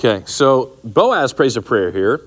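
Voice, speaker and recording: A man teaching a casual Bible study, animated and conversational, often checking in with "right?" and "okay?". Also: mid-range voice, unhurried. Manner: animated, acts out characters in quotes, frequent "right?" and "okay?".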